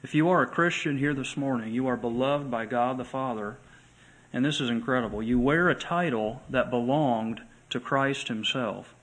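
A male pastor preaching a sermon to his church, earnest, slowing and swelling when he reads scripture aloud. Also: medium pitch, a bit bright, rough recording. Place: church sanctuary.

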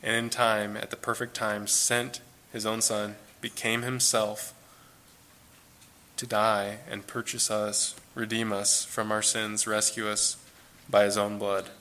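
A man's voice: lowish voice, level tone, takes it slowly, sharp tone, a little hiss or hum. A man giving an informal, earnest Bible teaching, talking conversationally and repeating phrases for emphasis.

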